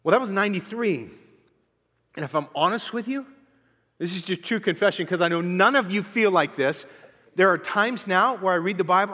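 A man's voice: sits high, fairly quick. A man in his forties preaching a sermon, telling stories animatedly and acting out his own quotes. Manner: animated storytelling with acted-out quotes. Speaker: pastor. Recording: long hall reverb.

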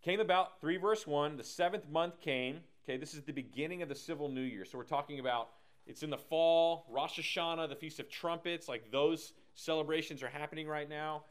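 A man's voice: fairly high pitch, fairly quick, clear, resonant tone. A man teaching a casual Bible class with lots of energy, jokes and tangents. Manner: energetic, joking, digressive.

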